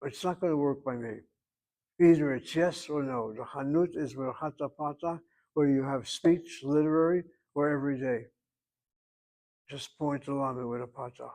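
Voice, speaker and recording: A man's voice: mid-range voice, normal speed, mellow, rough recording. A man teaching a Hebrew grammar class, explaining step by step in an emphatic, opinionated way.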